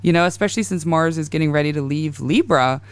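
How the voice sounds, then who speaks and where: A woman's voice: low-pitched, fast, clean tone, no room sound. A woman in her thirties hosting a casual astrology podcast, rambling and confessional as she tells stories. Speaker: podcast host.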